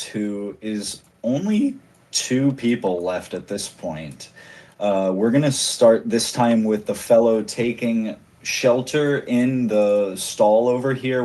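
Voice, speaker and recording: A man runs a tabletop role-playing game as game master, narrating in a casual, playful way. He chuckles easily and talks at a mid pitch. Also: slow, darkish tone.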